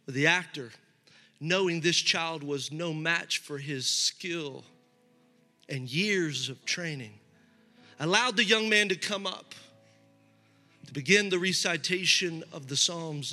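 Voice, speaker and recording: A man's voice: on the high side, sharp tone. A middle-aged man preaching a sermon as a pastor, talking in a loose, conversational way with frequent restarts. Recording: hall reverb with faint music.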